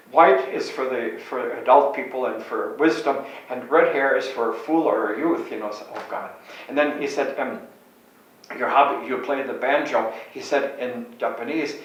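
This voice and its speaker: An older priest from Chicago tells his memories as meandering anecdotes, stopping often to correct himself. His voice sits at a middle pitch for a man. He sounds far from the microphone in a strongly echoing room. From Chicago, USA. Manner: meandering, self-correcting storyteller. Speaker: Catholic priest. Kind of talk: reminiscing anecdotes. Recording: very echoey room, distant mic.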